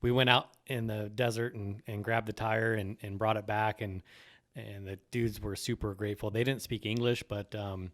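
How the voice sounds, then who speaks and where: A man's voice: fairly low pitch, little pitch movement, normal speed. A man who is a guest on a podcast, telling a story in a rambling, casual way. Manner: rambling, strings thoughts with "and" and "like". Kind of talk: casual chat.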